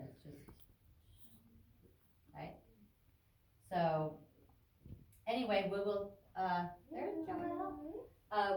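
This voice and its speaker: A woman's voice: mid-range voice, darkish tone, recorded from a distance, slight background noise. Woman teacher, chatty grammar lesson in echoey room. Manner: chatty, loose, self-interrupting. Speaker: ESL teacher. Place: classroom. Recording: echoey classroom taped from afar.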